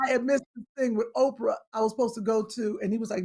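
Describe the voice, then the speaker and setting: Loud, husky high-voiced woman. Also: steady tone, quick pace. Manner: loud, teasing, playful. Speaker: podcast co-host. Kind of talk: casual comedic banter.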